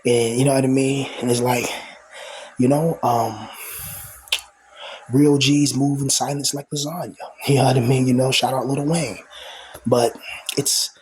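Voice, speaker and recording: A man's voice: medium pitch, fairly even intonation, normal speed, pauses often, darkish tone, slightly rough, rough recording. A young man venting in a rambling casual monologue to camera, aggrieved, full of fillers and restarts. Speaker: vlogger.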